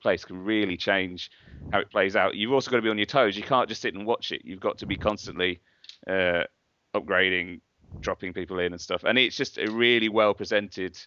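Lower-voiced man, chatty podcast host. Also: a little fast, sharp tone, slight background noise. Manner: chatty, opinionated, hedging. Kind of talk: casual chat. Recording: dull, slightly lo-fi dry sound.

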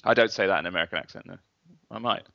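A man's voice: sits low, rapid-fire, vocal fry, dry recording, muffled recording. A man co-hosting a casual tech podcast, teasing and making dry sarcastic quips. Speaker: podcast co-host.

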